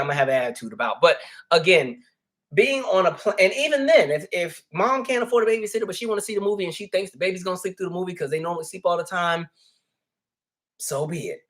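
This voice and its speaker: A man's voice: a little high, a bit bright. Chatty man hosting a casual commentary. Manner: chatty, asks "right?" and "you know" often; candid, easygoing storyteller. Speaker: host.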